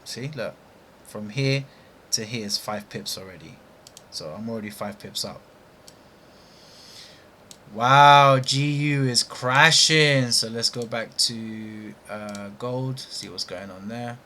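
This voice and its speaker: A man's voice: fairly low pitch, a little slow, sharp tone, slight background noise. A young British man talking through live trades with slangy, frustrated asides to himself. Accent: British English. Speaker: trading streamer. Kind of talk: live trading commentary.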